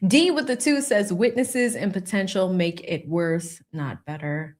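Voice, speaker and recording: A woman with a medium-pitched voice hosts a casual livestream, reading viewers' super chats aloud. She laughs and mocks the people she talks about, slipping into quick impressions of them.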